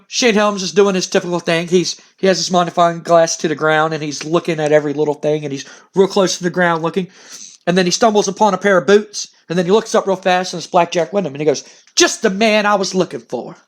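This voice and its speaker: A man casually narrating a wrestling simulation game as the show's commentator, rambling and enthusiastic. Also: sits high. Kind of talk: casual storytelling over a wrestling sim.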